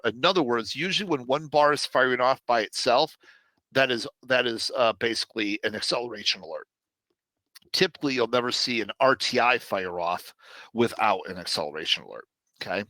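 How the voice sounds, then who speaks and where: A man's voice: medium pitch, sharp tone, dry recording. A man hosting a live trading webinar, talking casually to viewers with lots of fillers and asides.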